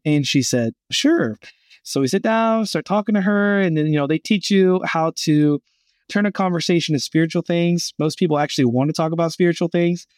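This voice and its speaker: A man's voice: a little high, brisk, a little mellow, clean tone, no room sound. A man as a podcast guest, animatedly telling a personal story and acting out the voices he quotes. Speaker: gap year program guest.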